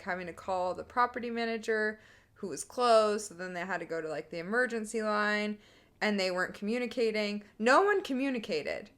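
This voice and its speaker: A woman's voice: mid-range voice, fairly bright tone. A young woman co-hosting a podcast in casual chat, recounting events with frequent laughter and quoted dialogue. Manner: laughs often, quick, storytelling, quotes others. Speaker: podcast co-host.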